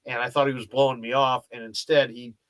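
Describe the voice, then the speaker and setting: A male sports radio host chatting casually and spinning a long anecdote, acting out each voice in the story. His tone is bright and forceful, with a mid-range pitch. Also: brisk. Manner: lively storyteller, acts out the dialogue.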